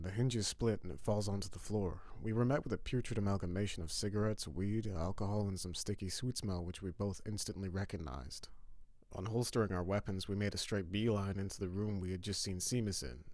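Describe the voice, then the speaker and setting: A man giving a scripted narration of a horror story with steady, grim storytelling. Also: sits low, no echo.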